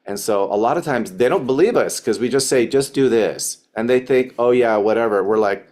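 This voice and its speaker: A man giving a motivational talk to his sales team, telling a story with lively quoted dialogue. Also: normal speed, few pauses. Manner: animated storytelling, acting out quotes in higher voice.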